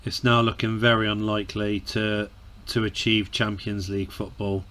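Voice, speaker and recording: A man giving emotional casual commentary on his football management game, sighing, groaning and breaking into shouts, often repeating words. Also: on the low side, monotone, normal speed. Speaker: gaming commentator. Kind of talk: casual let's-play commentary.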